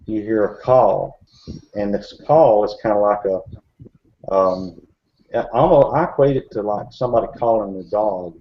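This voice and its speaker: On a dull lo-fi recording, a Bigfoot researcher chats casually in a group discussion, his fairly low voice at a moderate pace. He wanders along, full of fillers and restarts.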